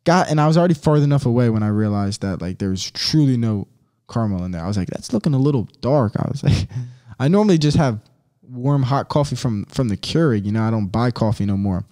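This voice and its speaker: A man's voice: mid-range voice, expressive, fast talker, dark tone. A man hosting a podcast alone, giving a casual rant in a blunt, fired-up way, swearing and using slang. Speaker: podcast host.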